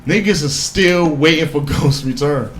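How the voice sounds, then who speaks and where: A man co-hosting a casual podcast chat, talking in an animated, insistent way and swearing freely. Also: on the high side, normal speed, a little hiss or hum. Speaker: podcast co-host. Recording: echoey room with faint ambience.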